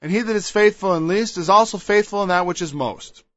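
In a dull, lo-fi recording with no echo, a man with a high, fairly bright voice delivers a sermon at a fairly quick pace. Emphatic and prone to digressions, he reads and explains scripture, acting out the voices he quotes.

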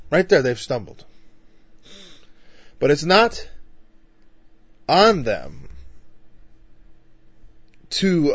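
A man's voice: on the high side, dry recording. A man from northern Illinois leading an informal Bible study in a conversational way. He asks rhetorical questions and often says "you know.". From northern Illinois, USA. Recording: dull, dry lo-fi recording.

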